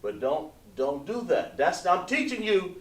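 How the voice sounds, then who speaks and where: A man teaching an online language class, patient and repetitive, drawing out words slowly to model pronunciation. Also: high voice, very animated, far from the mic. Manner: patient, repeats points, drawn-out slow pronunciations. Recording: echoey room, voice away from mic.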